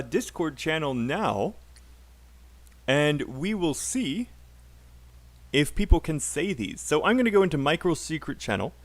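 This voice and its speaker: A man with a British accent leads a live online English lesson, chatty and encouraging. His voice sits a little high and swings widely in pitch as he repeats practice phrases for students to say back. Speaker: English teacher. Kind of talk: live online class teaching.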